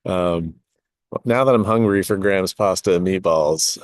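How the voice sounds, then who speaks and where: Deep-voiced middle-aged man reading his essay. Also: no echo, studio quality. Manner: reflective, with asides and self-corrections. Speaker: podcast host and design course teacher.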